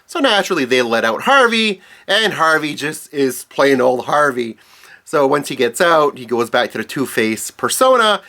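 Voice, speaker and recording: A man recapping a comic-book story in a loose, rambling voice. He swears freely, backtracks to correct himself and leans into lively pitch swings as he goes. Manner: rambling, profane, self-correcting. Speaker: comics explainer.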